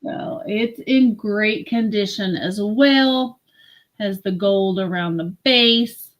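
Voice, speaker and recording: A woman hosting a live-stream vintage sale, slowly admiring and describing glassware. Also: mid-range voice, lo-fi sound. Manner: slow, admiring product descriptions.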